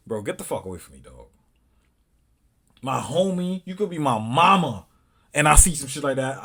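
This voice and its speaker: Angry husky man ranting. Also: fairly high pitch, fairly bright tone. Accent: African American English. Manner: angry, swearing, emphatic, rising to outbursts. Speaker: commentator reacting to a video. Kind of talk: heated casual reaction commentary.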